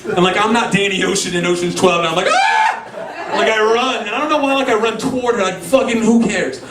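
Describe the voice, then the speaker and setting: A stand-up comedian from Louisiana, telling crude, animated stories on a bar stage before a live audience. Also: male voice, high-pitched, fast talker, noisy background. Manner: animated, crude, filler-heavy delivery. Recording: echoey room, far mic, audience.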